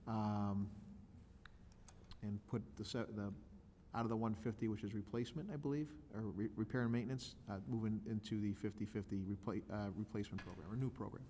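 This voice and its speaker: A man serving as mayor, chairing a city council meeting and calling votes with halting, procedural speech. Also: lowish voice, warm tone, a little hiss or hum. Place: council chamber. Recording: long reverb council chamber audio.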